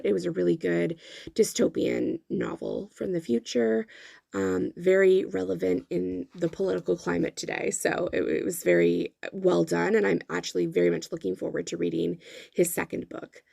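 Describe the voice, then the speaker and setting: A woman's voice: lowish voice, creaky, a little mellow, dry recording, studio quality. A young woman chatting her way through decorating a weekly planner, casual and full of fillers and self-corrections, with the hiccups. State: has the hiccups. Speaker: planner vlogger. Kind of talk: voice-over narration of a planner spread.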